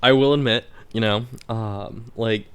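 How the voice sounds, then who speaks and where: A man's voice: on the low side, steady tone, unhurried, a bit bright, smooth. Chatty young male actor. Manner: chatty, playful, demonstrates accents. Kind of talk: casual podcast chat.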